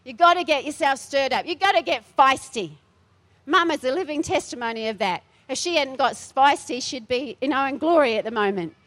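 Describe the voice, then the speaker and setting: A woman's voice: high voice, brisk, fairly bright tone. A middle-aged woman pastor delivering a feisty, emphatic sermon in a church, repeating her phrases for force.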